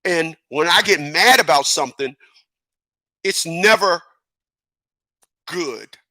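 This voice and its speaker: A man's voice: a little high, animated, slow, sharp tone, dry recording. A middle-aged man giving a casual opinion monologue, emphatic and repeating words as he builds his point. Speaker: commentator.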